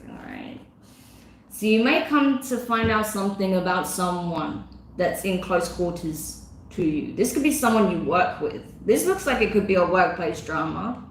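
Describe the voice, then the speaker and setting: A woman giving a casual tarot reading, effusive and emotional, chatty with lots of fillers. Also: medium pitch. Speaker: tarot reader. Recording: very echoey room with faint noise.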